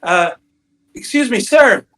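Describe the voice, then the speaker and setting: A man's voice: very high voice, animated, slow pace, sharp tone, pitched above the performer's own voice, full character voice, rough recording. A man playing a wheedling male pastor who poses as a grieving father, pleading and sugary in a raised voice. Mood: coaxing.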